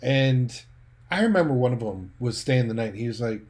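Animated middle-aged male pastor. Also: medium pitch. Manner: animated, swings between loud emphasis and quiet asides; fast-talking at times. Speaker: former pastor. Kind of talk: sermon-like teaching talk.

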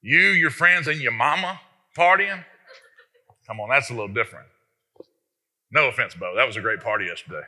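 A man preaching a sermon as pastor, animated and emphatic, often speaking straight to the congregation with rhetorical questions. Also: medium pitch, a little fast, pauses often.

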